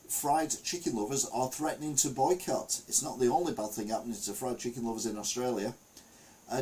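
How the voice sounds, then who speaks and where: An older man hosting a live stream, reading the week's news aloud and adding wry, deadpan asides between frequent ums. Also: medium pitch, rough recording.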